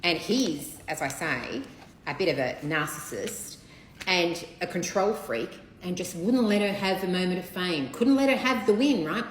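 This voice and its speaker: A woman's voice: fairly low pitch, lively intonation, moderate pace. A woman gossiping casually while she assembles a seafood platter in her home kitchen, with children bathing somewhere in the house. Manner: chatty, gossipy, candid, occasional swearing. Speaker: vlogger. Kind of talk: casual chat while cooking. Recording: echoey room, faint background noise. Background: children splashing in a bath.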